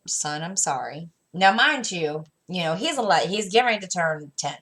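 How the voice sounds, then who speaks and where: A woman's voice: lowish voice, brisk, hardly any pauses, fairly bright tone. A woman in her thirties, a mother casually telling a story at home, rambling with fillers and restarts and acting out what she and her son said. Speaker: crafting vlogger.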